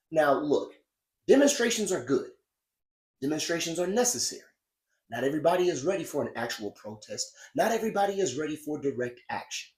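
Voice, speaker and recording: A man's voice: high-pitched, a little mellow. A man hosting a podcast, giving blunt, profane political commentary that grows heated and emphatic. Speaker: podcast host. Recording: roomy echo.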